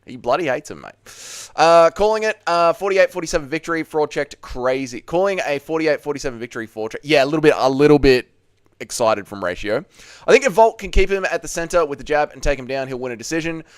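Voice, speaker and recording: A man's voice: on the high side, animated, quick pace, clean tone, no room sound, clean studio sound. A man hosting a casual live fight watch-along from his chair at home, swearing freely and chatting with viewers as he reads their messages. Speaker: livestream host. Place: home, seated at a desk.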